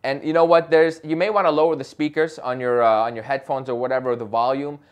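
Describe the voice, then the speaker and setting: A man's voice: medium pitch, fairly even intonation, fast talker. A young man talking straight to camera in an advice vlog, passionate and emphatic, often checking in with "right?". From Chicago area. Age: young adult. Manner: passionate, emphatic, talks loudly with frequent "right?". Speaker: real estate agent and vlogger.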